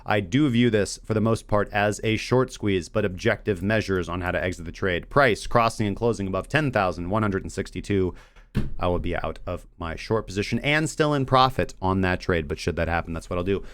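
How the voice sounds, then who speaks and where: Man, crypto trading host, casual blunt commentary, lowish voice, clear and smooth, dry close mic. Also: brisk, no echo. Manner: blunt, animated, mocks vague analysts.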